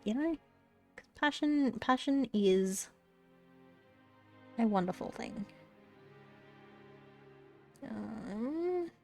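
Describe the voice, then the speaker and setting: A woman's voice: mid-range voice, gravelly, darkish tone. A woman live-streaming while she crochets, chatting casually, swearing at her cat and often dropping to a whisper, a little phlegmy.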